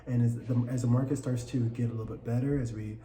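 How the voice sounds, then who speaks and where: A man's voice: mid-range voice, steady tone, quick pace, dark tone. A man who works in finance, a podcast guest talking enthusiastically, rambling with restarts, in casual chat. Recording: echoey room with crowd noise.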